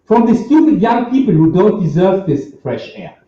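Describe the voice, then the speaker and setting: A man with a mellow, lively voice, teasing his friends with mock offense. His sound is dull and roomy, like an echoey remote mic. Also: high-pitched, moderate pace. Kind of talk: casual chat.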